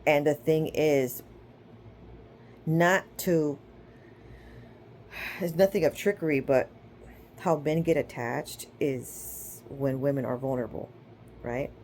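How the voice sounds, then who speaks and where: A woman with a low, slow, slightly mellow voice pauses often as she gives a casual spiritual teaching, with a little background noise behind her. Chatty and informal, she retells scripture stories by acting out the quotes and keeps checking in with listeners with "okay?" and "right?".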